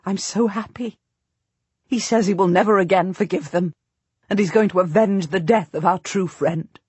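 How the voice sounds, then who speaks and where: A woman's voice: mid-range voice, moderate pace, a little mellow, husky, dry recording. A woman reading the lines of an eager, urging warrior queen in an audiobook. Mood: joyful. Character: jubilant warrior queen, middle-aged woman.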